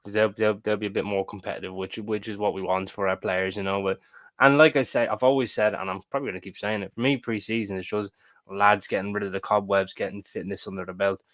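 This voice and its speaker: A man's voice: on the low side, fairly even intonation, fast talker, fairly bright tone, no echo. A man co-hosting a casual football podcast, opinionated and jokey. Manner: opinionated, jokey, repeats himself. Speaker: podcast co-host.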